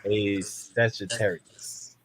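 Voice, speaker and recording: Guest: man, slow and hesitant, pitch rising and falling, faint hiss behind. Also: level tone. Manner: hesitant, repeats himself. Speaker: guest cast member. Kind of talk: casual chat.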